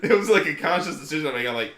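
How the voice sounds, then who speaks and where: A young man co-hosting a casual podcast, telling an animated story with swearing and acted-out angry quotes. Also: fairly high pitch, racing. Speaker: podcast co-host. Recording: echoey room.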